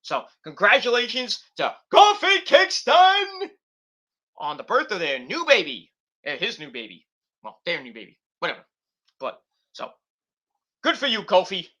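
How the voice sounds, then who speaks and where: Lively, bright-voiced rambling male podcaster. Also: on the high side, normal speed, long pauses, husky. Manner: rambling, profane, many fillers. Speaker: podcast host. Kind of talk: casual late-night wrestling chat.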